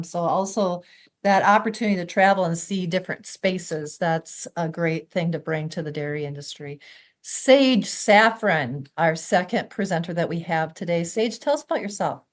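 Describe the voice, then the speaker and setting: A woman's voice: on the low side, moderate pace. A woman moderating a panel, upbeat and joking as she introduces the speakers.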